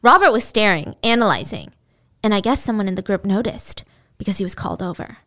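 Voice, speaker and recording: A woman's voice: medium pitch, animated, brisk, fairly bright tone. A woman casually retelling a true-crime story, chatty and blunt, swearing freely and filling her speech with "like.".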